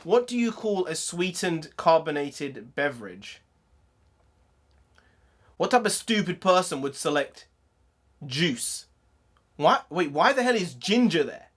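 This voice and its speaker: This London-area YouTuber, southern English in accent, has a fairly high voice and talks slowly, pausing often. His casual reaction video is packed with excitable jokes and plenty of laughter.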